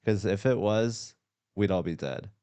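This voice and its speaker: A man's voice: lowish voice, measured pace, dark tone, clean tone. An American man hosting a casual studio podcast chat, blunt and profane, joking with his guests on headphones. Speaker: podcast host. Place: studio room. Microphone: studio mic with headphones.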